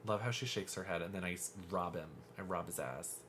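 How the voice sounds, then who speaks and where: A man's voice: sits low, brisk, very noisy. Campy, chatty man streaming a game. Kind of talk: live gameplay commentary. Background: game music.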